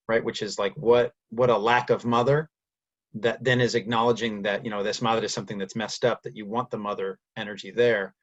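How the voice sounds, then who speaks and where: A man's voice: medium pitch, lo-fi sound. A man giving a thoughtful personal monologue, often adding "right?" and "you know" as he speaks. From United States. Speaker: speaker recounting his language history.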